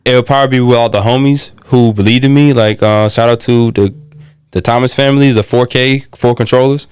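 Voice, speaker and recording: A man's voice: medium pitch, fairly even intonation, a little mellow, clear, resonant tone, dry recording, studio quality. A young man guesting on a podcast as a gaming creator, earnest and plain-spoken in casual chat. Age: young adult. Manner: earnest, plain-spoken slang, halting restarts.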